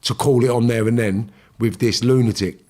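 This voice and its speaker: A man's voice: medium pitch, steady tone, moderate pace, dark tone. A middle-aged man with a London accent, a podcast guest telling stories in casual chat, blunt and full of swearing. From England. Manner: blunt, swearing, acts out quotes in raised voice.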